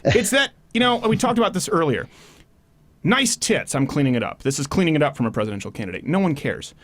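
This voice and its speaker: A man hosting a political talk show, animated and joking as he moderates a debate on a studio mic. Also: on the high side, fast. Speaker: podcast host.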